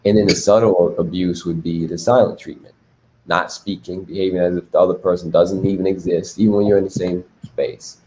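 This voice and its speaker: Mellow low-voiced man explaining relationships. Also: fairly even intonation, fairly quick, slight background noise. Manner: teaching, asks rhetorical questions. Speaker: relationship talk host. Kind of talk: explanatory group talk on relationships.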